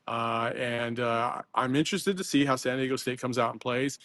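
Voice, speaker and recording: A man breaks down a basketball game in casual postgame chat, rambling loosely from point to point. His voice sits at an ordinary pitch and sounds close and dry, with no room around it. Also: fairly even intonation, normal speed, fairly bright tone, no room sound. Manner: rambling, loose, laughs often. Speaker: sports analyst guest.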